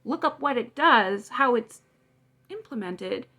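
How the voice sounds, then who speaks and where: A woman's voice: a little high, lively intonation, slow, bright, forceful tone. A woman in her forties delivering a heated political rant to camera, blunt and profane. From Canada. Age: 40s. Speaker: vlogger.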